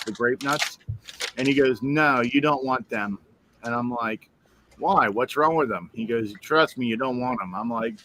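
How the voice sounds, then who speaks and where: A man chatting on a stream voice call, telling a lively anecdote and putting on voices for its people. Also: medium pitch, normal speed, a little hiss or hum. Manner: animated storyteller, voices the people in his anecdote. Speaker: stream guest. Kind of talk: casual chat.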